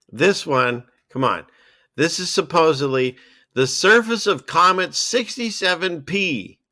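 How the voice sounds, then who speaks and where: A man's voice: mid-range voice, bright, forceful tone, no echo, clean studio sound. A man hosting a casual commentary show, talking in a sarcastic, scoffing, rambling way. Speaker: podcast host.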